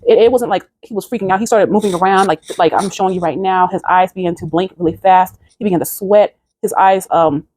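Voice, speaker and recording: A woman's voice: mid-range voice, fairly quick, hardly any pauses, darkish tone. A woman earnestly recounting a dream in a spiritual vlog and urging listeners toward faith. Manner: earnest, preachy exhortation. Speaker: video creator.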